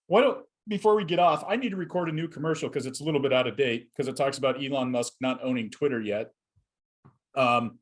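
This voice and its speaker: A middle-aged man co-hosting a podcast, rambling casually with fillers and restarts. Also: medium pitch. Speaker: podcast co-host.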